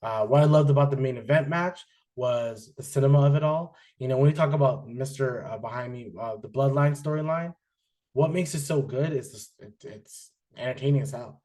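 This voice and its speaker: A man's voice: medium pitch, brisk. Rambling man reviewing wrestling. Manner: rambling, frequent fillers and restarts, animated when excited. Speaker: wrestling podcast host. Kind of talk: casual chat, reviewing wrestling.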